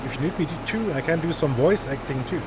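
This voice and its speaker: German-accented male streamer, slightly high voice, joking running commentary, noisy recording. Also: animated, quick pace. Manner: chatty, joking, thinks aloud. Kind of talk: casual gameplay commentary. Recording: noisy background hiss.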